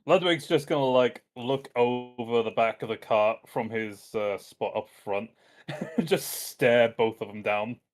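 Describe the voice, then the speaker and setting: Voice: mid-range voice, measured pace, soft background music. A player in a tabletop game, chatting casually and joking.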